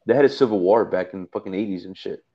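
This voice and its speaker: Low-voiced Texan man rambling. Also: racing. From Houston, Texas. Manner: rambling, profane, filler-heavy. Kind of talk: casual political chat. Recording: dull lo-fi recording.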